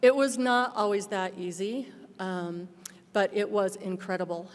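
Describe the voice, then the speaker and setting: A middle-aged woman giving a personal testimony speech as a guest speaker, telling her story in a lively way and acting out what others said. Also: mid-range voice, a little slow. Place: large banquet hall. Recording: long hall reverb.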